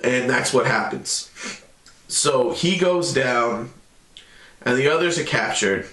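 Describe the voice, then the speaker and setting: A man's voice: mid-range voice, expressive, slow, pushed and bright, reverberant. A man casually recapping a cartoon episode in a loose, rambling way. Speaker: show reviewer.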